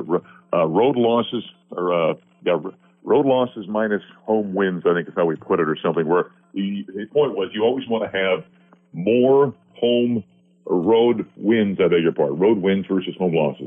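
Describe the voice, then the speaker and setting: A man's voice: sits low, breathy edge. A man broadcaster interviewed on sports radio, talking at length with many fillers. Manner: long-winded, rambling, with many fillers. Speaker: guest play-by-play broadcaster. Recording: phone line.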